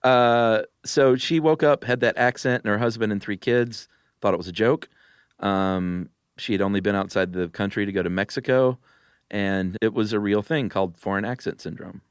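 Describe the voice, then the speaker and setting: A man co-hosting a podcast in casual chat, easygoing and quick to laugh. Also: lowish voice, clear, resonant tone, no echo, studio quality. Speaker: podcast co-host.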